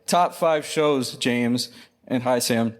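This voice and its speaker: An American man speaking as a guest on a live podcast stage. He is friendly and measured, and his voice sits at a middling pitch. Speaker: guest, research director.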